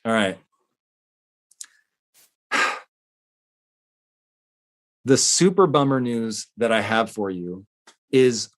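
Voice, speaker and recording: Male talk-show host, mid-pitched, casual and earnest, explaining with lots of fillers. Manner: conversational, with frequent fillers and restarts. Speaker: host answering a listener letter.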